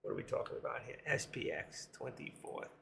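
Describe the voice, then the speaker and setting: A hoarse man hosting a live trading stream, rambling casually to himself and his viewers as he works through charts. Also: brisk, bright, forceful tone, slight background noise. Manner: rambling, talks to himself while working charts. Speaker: livestream trading host.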